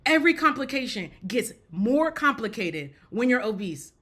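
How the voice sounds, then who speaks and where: Blunt, joking woman with a bright voice. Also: on the high side, sing-song, moderate pace. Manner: blunt, joking, self-interrupting, laughs often; repeats and restarts phrases. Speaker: commentator. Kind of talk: casual spoken commentary.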